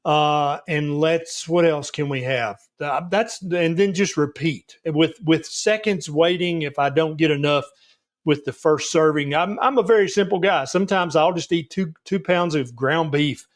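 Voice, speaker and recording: A man with a Southern US accent and a somewhat high voice, answering interview questions as a doctor. He talks frankly and emphatically, with a reassuring push behind his points. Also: a little slow. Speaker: doctor guest.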